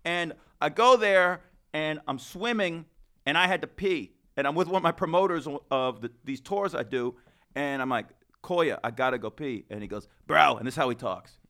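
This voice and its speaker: A man hosting a comedy podcast, telling stories in an animated, profane, casual way. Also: on the high side, moderate pace.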